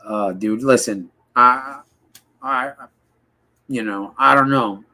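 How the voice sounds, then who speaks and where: In a medium-pitched voice that's slow, pushed, and bright, a man gets heated during a casual interview. He rambles, swears a lot, mimics others' voices when quoting them, and uses many fillers and restarts.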